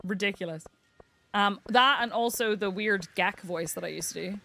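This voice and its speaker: A woman's voice: medium pitch, a little fast, gravelly, sharp tone, faint music behind. A young British woman chatting casually and giggling as she streams a farming game. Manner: giggly, chatty, self-mocking. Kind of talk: casual game livestream chat.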